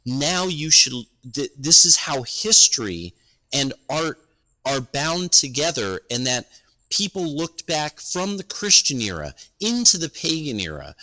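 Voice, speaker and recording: Bright-voiced man musing on a podcast. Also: fairly high pitch, rough recording. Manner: rambling, halting, restarting thoughts. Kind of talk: casual podcast conversation.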